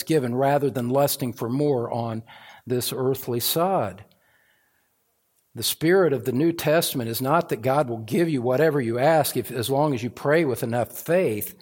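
Middle-aged male pastor, sermon delivery, mid-pitched voice, swings from measured teaching to fervent emphasis. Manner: builds from calm teaching to fervent, loud emphasis.

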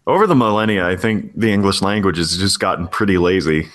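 Brief: man, lowish voice, relaxed musing podcast co-host. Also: fast talker. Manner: relaxed, musing, digs into word trivia. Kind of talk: casual chat.

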